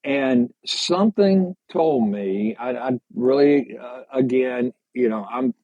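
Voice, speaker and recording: An older man, a podcast guest, telling hiking stories in a halting, unhurried way during a casual interview. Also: mid-range voice, no echo. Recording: slightly dull lo-fi sound.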